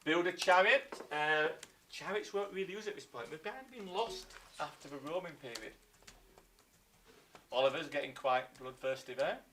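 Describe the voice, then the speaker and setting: A man with an English accent teaching a live online history lesson to children, telling the story with lively acted-out voices. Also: fairly high pitch, normal speed, a little hiss or hum. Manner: lively storytelling, acts out scenes in silly voices. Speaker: primary school teacher.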